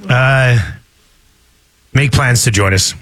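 A radio sports talk show host jokes around casually and delivers ad reads with upbeat energy, laughing easily. His voice is medium-pitched and a bit bright, and he speaks at a slow pace.

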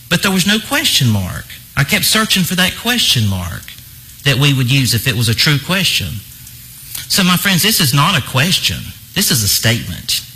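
A man's voice: a little high, sharp tone, breathy edge, low-quality recording. A man preaching a sermon, emphatic and fond of repeating phrases for effect. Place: church.

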